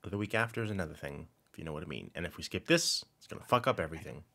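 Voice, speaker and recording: Low-voiced man, wry and laid-back. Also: expressive, very fast, gravelly, pushed and bright. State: sore back. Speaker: podcast host. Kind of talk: casual chat.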